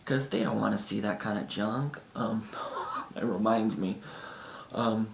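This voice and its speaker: A man's voice: a little slow, vocal fry. A man telling casual stories to the camera in a chatty way, sometimes acting out his friends' lines. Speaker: vlogger. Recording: echoey room with faint rumble.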